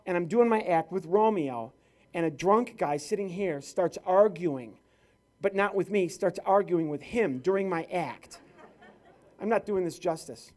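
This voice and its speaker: On stage at a corporate event, a male comedian and ventriloquist performs live stand-up with crowd work. His voice is high and his pace measured as he tells stories in a lively, playful way.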